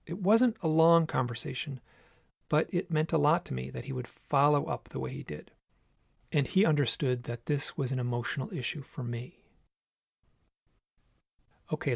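A man hosting a podcast, telling a personal story in an earnest, measured way. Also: medium pitch, gravelly, husky, no room sound, clean studio sound. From United States. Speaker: podcast host. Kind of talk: reflective solo storytelling.

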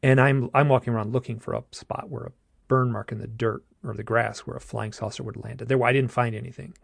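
A man casually recounting a personal experience, halting and restarting often, with a gravelly voice. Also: medium pitch, fairly even intonation, no room sound, studio quality. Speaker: guest telling his own story. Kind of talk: casual storytelling.

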